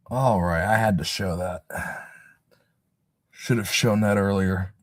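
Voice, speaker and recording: A man talks loosely through his livestream, drifting between sarcastic remarks and self-mocking asides. His voice sits low and the sound is dry and close, with no room around it. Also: slow, long pauses, no room sound. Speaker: livestream host. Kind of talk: casual livestream chat.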